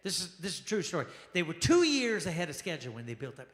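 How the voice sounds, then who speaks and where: Man, stand-up comedian, high lively voice, echoey lounge with long reverb. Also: fast talker. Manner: animated, exclamatory, acts out quoted people. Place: jazz lounge stage.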